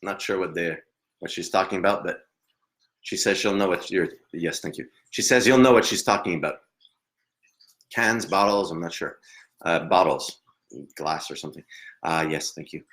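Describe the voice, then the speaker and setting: A man working as a psychic medium, giving a live reading in a hesitant, halting way with frequent laughs. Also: low-pitched, fairly bright tone.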